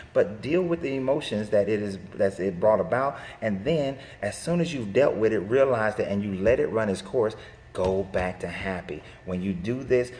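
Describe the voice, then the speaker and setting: A man's voice: fairly low pitch, darkish tone, a little hiss or hum. A man giving an earnest motivational talk, telling stories and repeating his key phrases. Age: adult with young children. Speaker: speaker.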